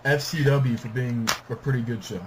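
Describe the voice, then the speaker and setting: A man's voice: medium pitch, fairly even intonation, normal speed, a little mellow, slight background noise. Laid-back young man, casual podcast chat. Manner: laid-back, swearing, laughs often. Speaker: podcast co-host.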